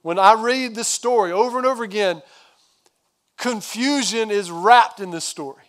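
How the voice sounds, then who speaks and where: A male pastor giving a sermon, retelling the story in a casual, conversational way with quick asides. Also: sits high, a bit bright.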